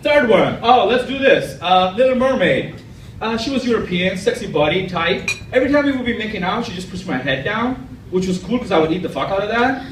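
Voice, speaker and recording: A man's voice: sits high, expressive, fairly quick, slight background noise. A man doing a stand-up comedy set in a club, crude and self-mocking in his jokes. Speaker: amateur stand-up comic. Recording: echoey club from far off. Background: audience laughter.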